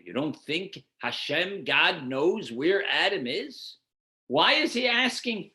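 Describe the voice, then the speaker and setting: A man's voice: a little high, big pitch swings, takes it slowly, bright, forceful tone. A man, a rabbi, teaching a Torah class, posing rhetorical questions and then answering them while guiding listeners through numbered source texts. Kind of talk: explanatory lecture.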